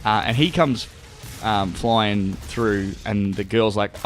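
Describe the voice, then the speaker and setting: A man's voice: on the low side, slow, soft background music. A young Australian man chatting casually as co-host of a gaming show, rambling and swearing and laughing often as he tells his stories. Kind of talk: casual chat while gaming.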